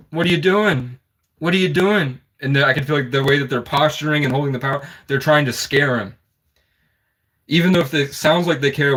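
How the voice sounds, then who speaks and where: A man at a middle pitch tells his story in a rambling, intense flow. His tone is conspiratorial, and he strings clause after clause with fillers. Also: fairly bright tone. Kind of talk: casual personal storytelling monologue.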